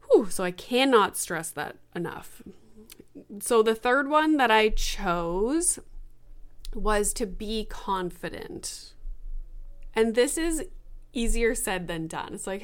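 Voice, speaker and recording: A woman's voice: medium pitch, slow. A woman in her late thirties hosting a solo podcast, talking frankly and bluntly to listeners and swearing casually. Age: 30s. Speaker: podcast host.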